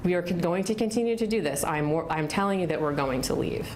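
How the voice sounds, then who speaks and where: A woman objecting as an attorney in a deposition, firm, measured and procedural. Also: lowish voice, lively intonation, a little mellow. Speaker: attorney for the city. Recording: archive recording with clear background noise.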